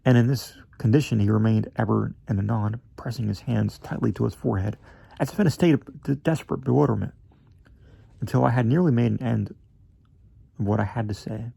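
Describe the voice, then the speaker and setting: A man narrating a classic story in a measured, slightly theatrical way, with an occasional slip of the tongue. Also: medium pitch, gravelly, mellow, breathy edge, no echo. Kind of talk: amateur reading of a classic story.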